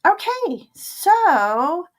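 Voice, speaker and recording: A woman's voice: very high-pitched, big pitch swings, very slow. An older woman hosting a live tarot stream, chatting casually and laughing often.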